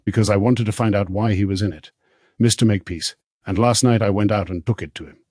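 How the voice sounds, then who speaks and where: Husky-voiced man reading a young male daemon, hurt and pleading, audiobook. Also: on the low side, steady tone, fast talker, a little mellow, no echo, clean studio sound, natural voice.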